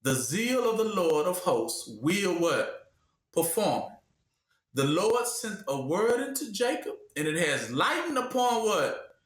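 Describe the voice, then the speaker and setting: A man's voice: high-pitched, sing-song, takes it slowly. A man preaching a call-and-response sermon, asking the room to finish his sentences and acting out voices. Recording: echoey room.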